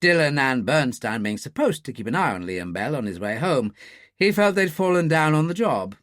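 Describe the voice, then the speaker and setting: A man's voice: mid-range voice, very animated, normal speed, fairly bright tone, no room sound, clean studio sound. A man reading the part of an urbane, gossipy insider briefing his associates, in an audiobook.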